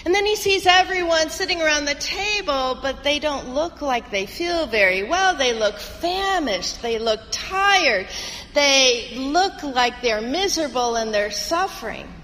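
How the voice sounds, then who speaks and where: A woman's voice: high voice, expressive, a little slow, fairly bright tone, in a large hall, a little hiss or hum, rough recording. A woman pastor preaching a sermon and leading prayer, telling a story with earnest, rhythmic phrasing in a church.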